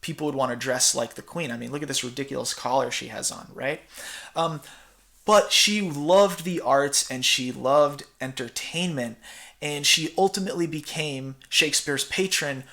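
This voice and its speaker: A male theatre teacher talks through a recorded slide lecture. His voice sits slightly on the high side, and his delivery is casual and chatty, full of fillers and asides. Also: creaky, pushed and bright.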